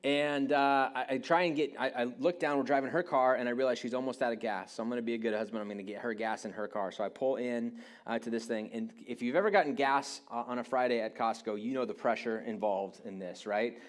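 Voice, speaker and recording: A man in his late thirties preaching a sermon, telling a rambling, self-deprecating story with frequent restarts. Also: mid-range voice. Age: 30s. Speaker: pastor.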